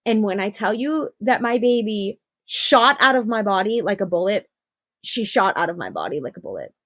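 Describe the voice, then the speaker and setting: A young adult woman telling her personal birth story on a podcast, animated and acting out the quotes. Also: medium pitch, normal speed, no echo. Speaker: podcast guest.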